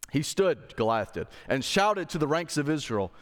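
A male pastor preaching a sermon in a relaxed, conversational way, with slang asides, building to emphatic points. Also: fairly high pitch, long reverb tail. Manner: rises to emphatic intensity when making a point. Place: church sanctuary.

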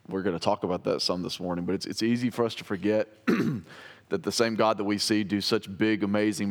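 A man's voice: sits low, big-room sound. A male pastor preaching a sermon in a church, talking conversationally with frequent restarts and fillers. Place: church sanctuary.

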